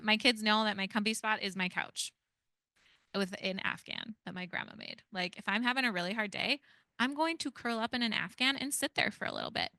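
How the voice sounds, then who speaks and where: A woman, a parent educator giving a lively workshop talk to foster parents and asking the audience many questions. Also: mid-range voice, smooth, no room sound, studio quality.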